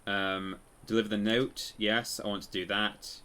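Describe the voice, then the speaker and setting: Deep-voiced man rambling through gameplay. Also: little pitch movement, unhurried, sharp tone. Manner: rambling, self-correcting storyteller. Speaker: streamer playing a game. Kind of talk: casual live-stream commentary.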